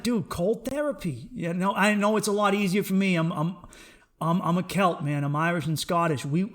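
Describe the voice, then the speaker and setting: High-voiced, profane young man ranting. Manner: profane, excitable, swings between loud and low. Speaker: podcast host. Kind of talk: solo podcast rant.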